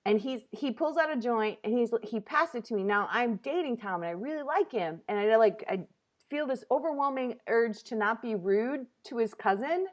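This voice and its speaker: Animated woman host telling stories. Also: a little high, normal speed. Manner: animated, laughing storyteller with voiced asides. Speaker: comedian talk show host. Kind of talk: casual storytelling chat.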